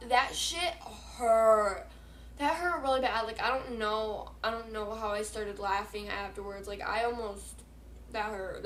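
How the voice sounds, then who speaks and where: A teenage girl tells a story to her vlog audience with a high, bright voice, swearing constantly and piling up fillers as she rambles. She sounds excitable and chatty. Her voice bounces around an echoey room at home. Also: slight background noise. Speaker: vlogger.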